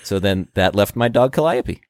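Low-voiced joking man. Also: animated, moderate pace, no room sound, studio quality. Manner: joking, rambling storyteller. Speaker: podcast co-host. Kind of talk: casual chat.

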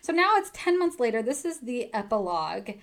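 A woman's voice: on the high side, big pitch swings, brisk, a bit bright. Gushing young woman recapping a romance. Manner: gushing, enthusiastic, giggly. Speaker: book podcast host. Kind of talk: casual book recap chat.

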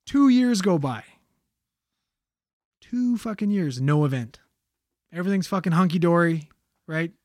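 A man casually retelling a spooky story on a podcast, animated and swearing freely. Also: high voice, unhurried, pauses often, no room sound, clean studio sound. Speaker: podcast co-host telling a story.

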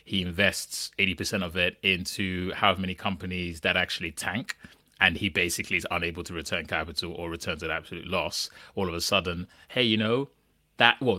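A man with a low, bright-toned voice hosts a casual podcast chat. He rambles through questions, restarting sentences and checking in with "right?" as he goes. The sound is dry and close. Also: dry recording. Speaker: podcast host.

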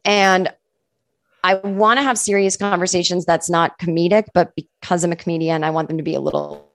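A woman comedian with a faint Boston accent tinged with California, talking casually and self-deprecatingly as an interview guest, with animated asides. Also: lowish voice, a little fast, vocal fry, dry recording, clean studio sound. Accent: faint Boston with California touches. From Boston area, USA.

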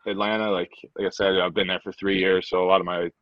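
A young man answering interview questions in a relaxed way, often repeating words. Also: low-pitched, quick pace, dry recording. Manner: relaxed, repeats words, frequent "you know". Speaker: rugby player guest. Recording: dull dry sound, lo-fi.

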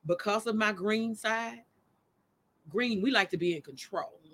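A woman's voice: mid-range voice, measured pace, a bit bright. Candid, emphatic woman podcast host. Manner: candid, emphatic, laughs easily. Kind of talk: casual chat.

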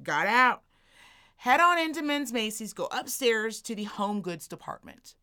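A woman co-hosting a podcast, telling a comedic story in a sassy, profane, animated way. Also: fairly high pitch, a little slow, clean tone. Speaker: podcast co-host.

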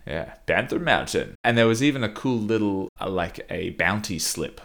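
Low-voiced man telling a rambling story. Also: expressive, moderate pace, gravelly, a bit bright. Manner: rambling storyteller, laughs often. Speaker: podcast co-host. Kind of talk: casual podcast chat.

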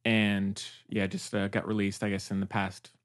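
A man's voice: lowish voice, completely flat delivery, moderate pace. Easygoing young man on a film podcast. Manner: easygoing, hesitant, many fillers. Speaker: podcast co-host. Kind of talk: casual film review chat.

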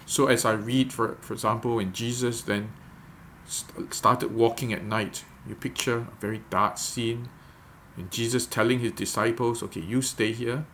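A man leading a devotional guided meditation, gently coaching listeners step by step before reading scripture. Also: mid-range voice, steady tone, moderate pace, a little hiss or hum. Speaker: devotional leader.

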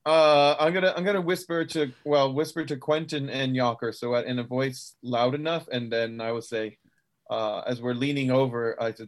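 A man playing a tabletop game, chatting casually with halting, restarting sentences. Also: medium pitch, fairly even intonation. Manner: halting, many fillers and restarts.

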